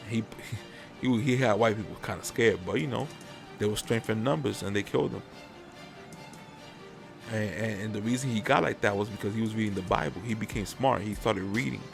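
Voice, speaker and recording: Gravelly-voiced man ranting casually. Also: on the low side, a little fast, over music. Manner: rambling, profane, opinionated. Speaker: podcast host. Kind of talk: casual podcast chat.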